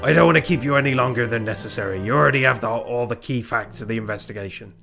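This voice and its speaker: A man voicing a stern male bird police inspector in a game, with a brisk, commanding manner. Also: mid-range voice, creaky, bright, forceful tone, faint music behind.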